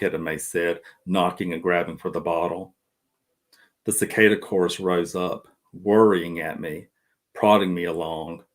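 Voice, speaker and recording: A middle-aged male author reading a passage from his novel slowly and lyrically. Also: low voice, steady tone.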